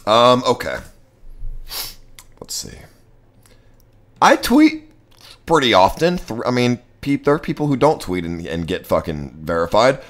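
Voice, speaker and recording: A young man live-streaming in casual, profane chat, talking to himself excitably. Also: lowish voice, normal speed.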